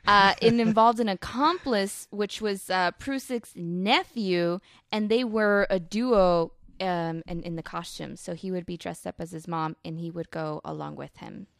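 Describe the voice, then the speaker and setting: A woman's voice: fairly low pitch, unhurried, gravelly, hardly any pauses, no echo, studio quality. A woman co-hosting a casual chat show, reading news items aloud with small fillers. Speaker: podcast co-host reading news stories.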